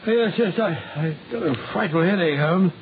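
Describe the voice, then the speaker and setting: A flustered, stammering Watson. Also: male voice, high voice, expressive, normal speed, a little hiss or hum. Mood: earnest. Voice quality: gravelly, hesitant, stammering. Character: bumbling loyal Dr. Watson, middle-aged Englishman. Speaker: narrator in character. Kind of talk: 1940s radio drama acting. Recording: tinny old radio broadcast.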